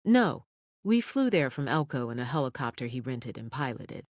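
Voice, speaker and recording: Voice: medium pitch, sing-song, moderate pace, dry recording, studio quality, natural voice. A narrator voicing a wary, blunt ranch-land realtor woman. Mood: guarded.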